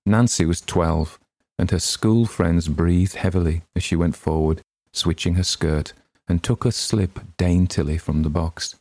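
A man hosting a podcast, narrating a short story in a measured, expressive way. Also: low voice, dry recording. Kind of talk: dramatic story reading.

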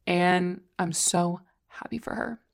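A woman's voice: lowish voice, fairly even intonation, slow, gravelly. A woman hosting a casual solo podcast, talking in a gushing, rambling way with lots of "like" and casual swearing. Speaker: podcast host.

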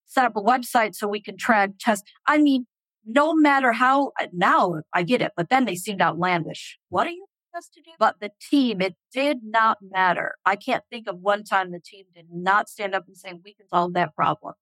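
Expressive older woman, dry close sound. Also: dry recording. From England. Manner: animated, expressive storytelling with quick pitch jumps. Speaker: hospital chief information officer, guest. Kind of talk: casual interview chat.

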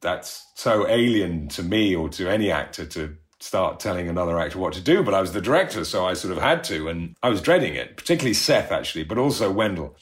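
A man's voice: low voice, sing-song, fast, few pauses. A middle-aged man telling rambling, self-deprecating stories in a casual interview, laughing often. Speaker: actor recalling a show.

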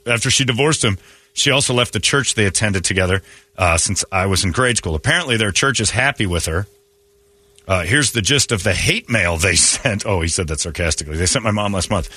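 A man's voice: on the low side, fairly quick, sharp tone, no room sound. A man hosting a morning radio show, bluntly chatting and reading listener letters aloud. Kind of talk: casual morning radio banter.

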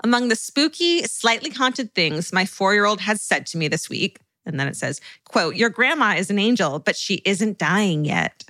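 Female podcast co-host, bright and lively, reads listener stories, dry close mic. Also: mid-range voice, normal speed, hardly any pauses, no room sound. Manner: animated, laughs and tears up while reading. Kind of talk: casual chat, reading listener stories.

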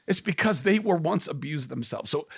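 A man's voice: a little high, lively intonation, moderate pace, gravelly, breathy edge. A man talking earnestly and with passion in a casual conversation, swearing freely and sometimes dropping to a whisper.

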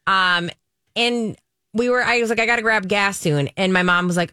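Woman, radio co-host, lowish pitch, dry close sound, chatty storytelling. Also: fairly even intonation, fairly quick, fairly bright tone, clean tone, no room sound. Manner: chatty, tells stories with quoted voices. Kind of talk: casual chat.

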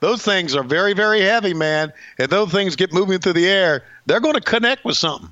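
Lively, higher-pitched man on a dull line. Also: fairly quick, no echo. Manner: laid-back, wry, laughs along. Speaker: podcast co-host. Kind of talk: casual wrestling chat.

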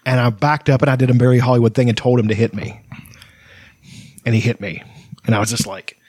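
A man's voice: mid-range voice, steady tone, a little fast, a little mellow, dry recording. A man telling a rowdy fight story in casual chat, swearing freely and laughing as he talks. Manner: profane, boisterous storytelling with laughs.

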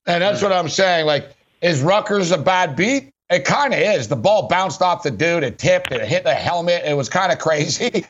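A man's voice: high voice, animated, normal speed, hardly any pauses, fairly bright tone, highs cut off, a little hiss or hum. A middle-aged man hosting a sports radio show, talking bluntly and rambling about betting and football. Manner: rambling, blunt, keeps saying "big man". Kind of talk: casual sports betting talk.

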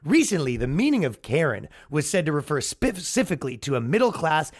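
Sarcastic podcast guy riffing on stuff, kinda high voice, mocking. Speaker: podcast host. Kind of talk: comedic commentary.

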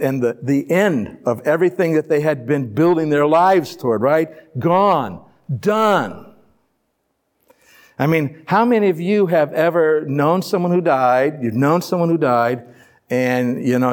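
A pastor with a somewhat high voice talks his congregation through a scripture passage. He reads a verse, then unpacks it in an easy, conversational manner, tossing out rhetorical questions and light humor along the way. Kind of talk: sermon, reading and explaining scripture. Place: church before a live congregation.

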